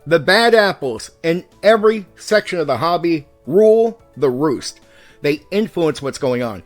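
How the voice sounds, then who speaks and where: Fired-up man ranting, high-pitched voice. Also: measured pace, soft background music. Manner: heated and profane, pushing his points hard; swings between raised and calm speech on purpose. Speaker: YouTube host and game master. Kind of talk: ranting commentary to the camera.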